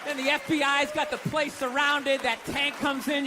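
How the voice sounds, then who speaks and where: A man doing a stand-up comedy set, ranting profanely and shouting his punchlines with incredulous disbelief. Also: very high voice, level tone, normal speed, music in the background. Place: comedy club stage with audience. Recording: live stand-up with crowd noise. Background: audience laughter.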